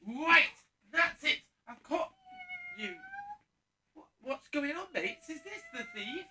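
A woman's voice: high voice, huge pitch swings, moderate pace, pushed and bright, heavily acted. A woman playing an earnest young male hero as a pantomime principal boy, eager and wide-eyed. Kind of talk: live pantomime stage acting. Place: theatre stage. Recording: distant stage sound from the hall.

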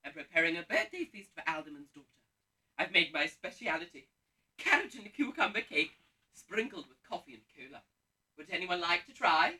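An actor playing a vain, bossy pantomime dame cook on stage, loudly getting the audience to shout back. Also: male voice, a little high, sing-song, brisk, exaggerated voice. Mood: rousing. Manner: loud, camp, bossy, rouses the audience. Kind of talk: live pantomime stage acting. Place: theatre stage. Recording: distant stage sound from the hall.

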